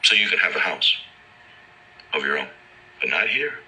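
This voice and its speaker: A man's voice: low voice, sing-song, moderate pace, pushed and bright, rough recording. Heated, profane man ranting. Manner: heated, profane, repetitive, acts out dialogue. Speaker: storyteller recounting police encounter. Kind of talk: angry monologue.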